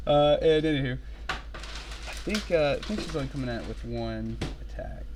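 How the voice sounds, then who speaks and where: A man's voice: medium pitch, expressive, moderate pace, noisy background. A young man in a casual, rambling way running an online tabletop game as game master, laughing often.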